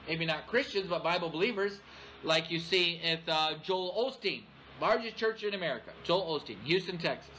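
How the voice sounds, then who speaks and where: A man preaches an expository sermon, pausing often to ask "all right?" His voice sits high and sounds bright. Faint background noise hums under the church recording. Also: low-quality recording. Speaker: pastor.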